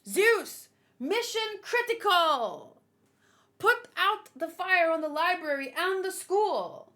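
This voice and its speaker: A woman's voice: extremely high pitch, expressive, slow pace, pushed and bright, voice pushed up, exaggerated voice. A woman voicing a commanding young woman navigator, giving urgent, bossy orders.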